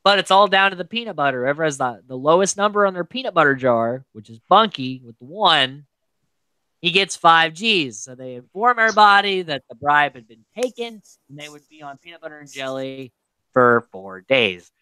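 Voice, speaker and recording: A man hosting a casual podcast recap, animated and acting out the quotes of people he describes. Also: moderate pace, smooth, dry recording. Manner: animated, acts out quotes with big pitch jumps. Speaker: podcast host.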